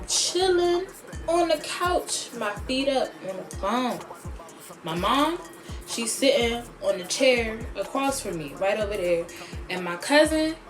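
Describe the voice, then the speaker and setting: Sassy, animated woman telling a story. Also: medium pitch. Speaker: beauty vlogger. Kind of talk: storytime vlog.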